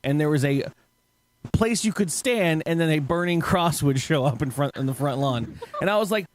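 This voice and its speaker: A man's voice: fairly high pitch, moderate pace, a little hiss or hum. Rambling, laughing male podcast host. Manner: loose, rambling storytelling with frequent laughs and swearing. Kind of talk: casual chat.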